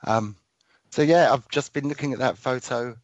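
A man's voice: medium pitch, moderate pace, no room sound. Male radio host, dull dry sound. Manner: hesitant, with many fillers. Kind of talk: casual radio interview.

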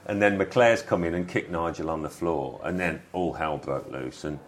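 Deep-voiced man recounting football memories. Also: moderate pace. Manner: reflective, anecdotal, quotes others. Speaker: former footballer, interview guest. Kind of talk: relaxed storytelling interview.

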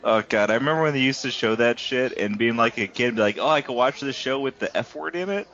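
A man's voice: mid-range voice, fast, fairly bright tone. A man from California in casual chat, wry and freely swearing. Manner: profane, wry. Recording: muffled lo-fi recording.

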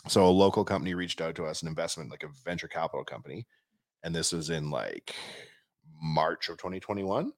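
In a studio, a podcast host with a low voice tells stories in casual chat, speaking fairly quickly and acting out quotes with animation. The sound is clean, with no room noise.

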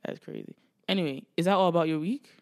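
A woman's voice: lowish voice, quick pace, no room sound, clean studio sound. A woman in her twenties from Nigeria, co-hosting a casual podcast and telling stories with lots of acted-out quotes. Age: 20s. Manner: chatty storyteller, acts out quotes loudly, laughs often. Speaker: podcast co-host. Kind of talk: casual chat.

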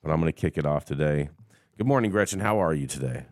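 A man hosting a live news talk show, playful and energetic, with drawn-out exclamations. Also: a bass voice, no room sound, studio quality. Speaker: host.

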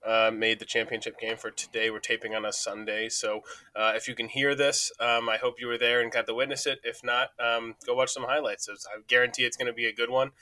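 A man's voice: mid-range voice, sharp tone, dry recording. A man co-hosting a podcast in casual, jokey chat, teasing himself and his partner. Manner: chatty, jokey, self-deprecating. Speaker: podcast co-host. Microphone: studio microphone.

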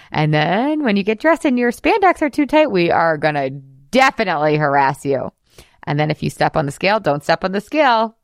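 A woman's voice: medium pitch, no echo, studio quality. A woman voicing a dramatic, panicky female inner voice that taunts in a singsong, over-the-top way.

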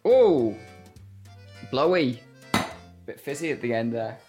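A man's voice: medium pitch, expressive, takes it slowly, music in the background. A man co-hosting a podcast, chatting casually and explaining a cocktail recipe while mixing it in his kitchen, a little hungover. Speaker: podcast co-host. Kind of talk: casual chat. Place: home kitchen.

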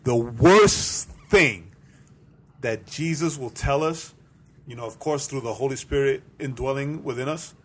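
An earnest man co-hosts a casual faith podcast with a husky edge to his voice. He explains his beliefs in a preachy, measured way and keeps asking "right?" to pull the listener along. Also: mid-range voice. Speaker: podcast co-host.

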